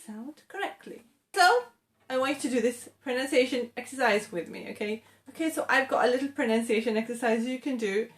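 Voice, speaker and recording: A woman teaching English pronunciation to camera, patient and clear, repeating words slowly and often checking in with okay. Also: on the high side.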